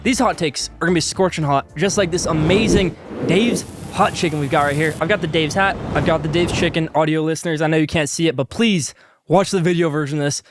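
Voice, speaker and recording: A man's voice: on the high side, a little fast, noisy background. Hyped male sports podcast host. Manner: hyped, salesy, talks with food in mouth. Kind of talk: sponsored hot-takes segment while eating.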